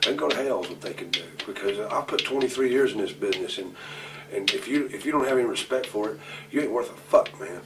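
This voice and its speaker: A man's voice: lowish voice, expressive, fast. Blunt, profane man recorded from afar. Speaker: pro wrestler interview guest. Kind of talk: shoot interview storytelling. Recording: distant mic, noisy room ambience.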